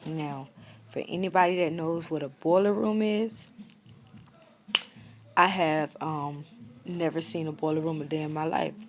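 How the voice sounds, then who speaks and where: Young woman in her twenties, low voice, flat matter-of-fact story time delivery. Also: unhurried, long pauses. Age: 20s. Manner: blunt, slangy and matter-of-fact, little emotion shown. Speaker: storyteller vlogger. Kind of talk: casual story time monologue.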